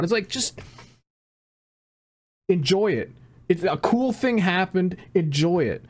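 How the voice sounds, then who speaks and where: A man's voice: high voice, lively intonation, a little slow, pauses often, a little mellow. Profane ranting man, podcast co-host. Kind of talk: casual podcast chat.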